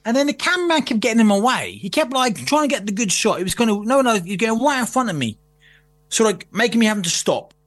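A man's voice: extremely high pitch, lively intonation, fast talker, fairly bright tone. A man telling a story in casual chat, swearing freely, acting out quotes and laughing often. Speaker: guest.

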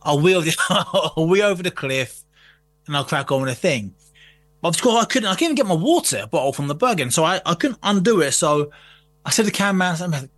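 Fast-talking man, high voice. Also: lively intonation, fairly bright tone. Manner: swears freely, acts out quotes, laughs often. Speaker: guest. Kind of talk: casual storytelling chat.

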